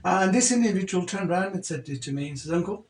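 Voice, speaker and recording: A middle-aged Birmingham man hosts a community radio chat. He tells stories earnestly, acting out what others said, his voice a touch high. The studio sounds roomy, with faint hiss behind. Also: expressive, fast talker. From England. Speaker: radio talk show host.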